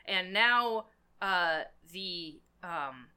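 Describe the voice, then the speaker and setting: Bright-voiced woman co-host, halting recaps. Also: lowish voice, lively intonation, clear, resonant tone. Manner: hesitant, many fillers while recapping. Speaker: podcast co-host discussing a novel. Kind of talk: casual book discussion.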